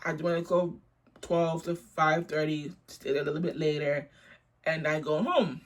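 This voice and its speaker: A woman's voice: low voice, normal speed. A young woman telling a storytime vlog in a blunt, profane, indignant way. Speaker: storytime vlogger.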